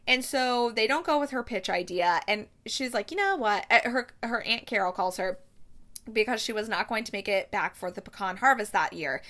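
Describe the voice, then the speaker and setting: A woman's voice: mid-range voice, fairly bright tone. A young woman hosting a casual chat show, chatty and rambling, with lots of fillers and self-corrections. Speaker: podcast host reviewing TV movies.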